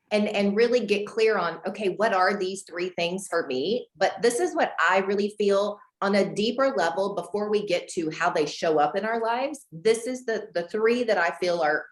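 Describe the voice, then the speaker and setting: A woman from Houston, Texas, coaching a group on a video call, animated and acting out dialogue with big pitch jumps. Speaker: guest real estate coach. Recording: roomy echo.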